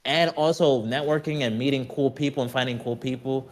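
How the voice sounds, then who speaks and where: A man chats casually as a streamer guest on a podcast. He talks in an animated, rambling way and keeps asking "you know what I mean". His voice sits at an ordinary middle pitch. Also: fairly quick.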